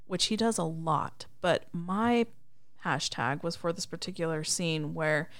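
A woman chatting casually about a movie and acting out its characters' lines with lively energy. Her voice sits a little low for a woman. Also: unhurried. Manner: animated, acts out lines from scenes. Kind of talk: casual chat recapping a movie.

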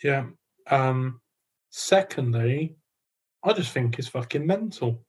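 A man's voice: medium pitch, expressive, takes it slowly, slight background noise. A young adult man co-hosting a podcast, chatting casually with dry, sweary wisecracks. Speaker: podcast co-host. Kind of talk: casual chat.

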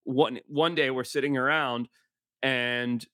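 A man, a guest adventurer, telling a story in an animated way and acting out the people in it. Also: mid-range voice, slow, no echo, studio quality. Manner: animated, acts out the people in his stories. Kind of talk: casual storytelling.

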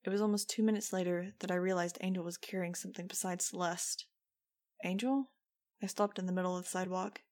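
A woman reading a first-person novel aloud in a steady, measured way. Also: lowish voice. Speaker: audiobook narrator. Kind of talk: first-person audiobook narration.

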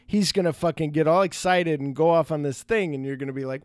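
A man co-hosting a podcast, casually recapping movie scenes with lots of swearing and quick impressions of the characters. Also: fairly high pitch, clean tone, dry recording, clean studio sound. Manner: profane, animated retelling of scenes. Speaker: podcast co-host.

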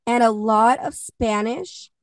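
A woman's voice: a little high, takes it slowly, no room sound, distant mic. A young adult woman co-hosting a podcast in casual chat, laughing often and swearing offhandedly. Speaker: podcast co-host.

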